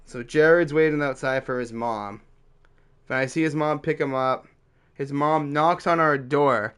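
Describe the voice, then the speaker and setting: A man's voice: a little high, measured pace, fairly bright tone, clear, resonant tone. A young man telling a story from his teens in a loose, casual way, full of fillers and swearing. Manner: loose and profane, heavy "like" fillers.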